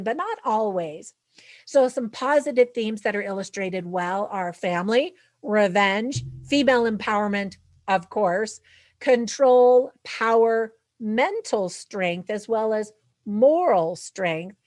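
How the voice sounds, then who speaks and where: A woman's voice: medium pitch, no echo. Upbeat woman reviewing a movie, dry sound. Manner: upbeat, chatty, addresses parents directly. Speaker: film reviewer and channel host. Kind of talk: casual movie review to camera.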